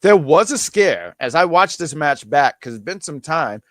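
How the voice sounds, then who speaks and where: A man's voice: fairly high pitch, very animated, normal speed, no room sound, clean studio sound. A man hosting a podcast in casual chat, talking with enthusiasm and many stumbling restarts. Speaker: podcast host.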